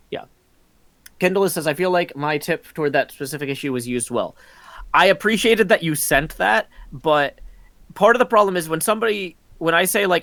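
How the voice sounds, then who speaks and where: In casual meeting chat, a middle-aged host of a community meeting rambles on a voice call, dropping lots of ums and breaking into laughs. His voice is on the high side and fairly bright. The computer mic captures no room sound.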